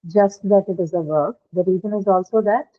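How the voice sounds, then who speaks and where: A woman's voice: mid-range voice, a little fast. A woman teaching English pronunciation in a class, explaining patiently step by step and often checking with her students. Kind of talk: online classroom lecture. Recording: tinny phone-like line.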